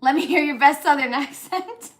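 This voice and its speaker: A woman from northern Canada co-hosting a casual homestead live stream, animated and laughing often with big swings in pitch. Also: moderate pace, a loud crowd. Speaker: co-host, homesteader wife.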